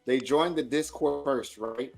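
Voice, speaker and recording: A man's voice: medium pitch, unhurried, vocal fry. A man hosting a podcast in casual chat, checking the details aloud and asking for confirmation. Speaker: podcast host.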